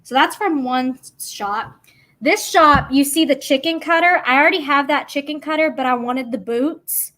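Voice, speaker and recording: A woman's voice: sits high, moderate pace, bright, forceful tone. Bubbly woman chatting on a livestream. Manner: chatty, bubbly, rambling with many fillers. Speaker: craft livestream host. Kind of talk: casual livestream chat.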